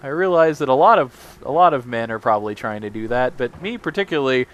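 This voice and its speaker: A man's voice: mid-range voice, animated, fast, lo-fi sound. A man hosting a let's play, giving casual gameplay commentary with rambling, self-mocking, jokey asides.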